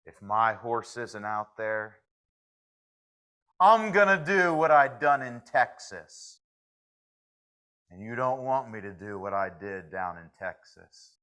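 A man voicing a tough cowboy stranger in a joke, speaking slowly and threateningly. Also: on the low side, lively intonation, pushed and bright, clear, resonant tone, voice pushed down, exaggerated voice.

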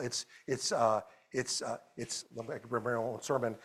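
A man preaching a sermon as a pastor at a church service, animated, moving between loud exclamations and quiet storytelling. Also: mid-range voice, normal speed, hardly any pauses.

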